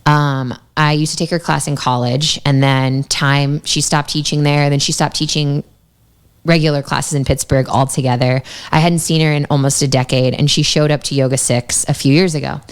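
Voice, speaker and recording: A woman's voice: deep voice, fairly even intonation, normal speed, clear, resonant tone. A young woman telling stories in a chatty way, with lots of fillers, as a guest in a podcast studio. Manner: chatty storytelling, many fillers. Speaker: yoga teacher and guest. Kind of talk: casual podcast interview.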